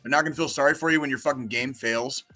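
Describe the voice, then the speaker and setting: Bright-voiced man ranting with heavy swearing. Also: mid-range voice, fast, soft background music. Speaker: podcast co-host. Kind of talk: casual podcast chat.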